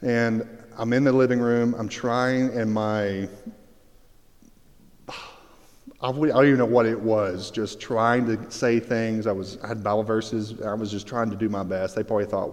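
A pastor telling a personal story in a sermon, swinging between hushed and excited. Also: male voice, fairly low pitch. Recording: long reverb of a large hall.

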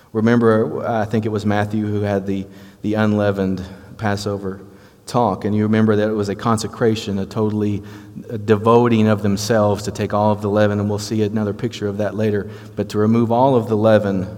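A man's voice: on the low side, little pitch movement, fairly quick, a little mellow, in a large hall. A man with a Southern US accent preaching a Bible teaching in a conversational, explanatory way. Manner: conversational, explanatory, frequent restarts. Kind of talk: sermon-style Bible teaching.

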